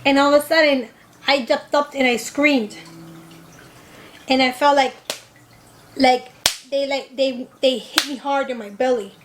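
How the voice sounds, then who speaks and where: A young woman talks casually to her camera with a slightly high voice. She rambles and fills her pauses with ums, and faint background noise runs under her chat. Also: fairly even intonation. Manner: rambling, filler-heavy chatter. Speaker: vlogger. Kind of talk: casual storytime and mukbang chat.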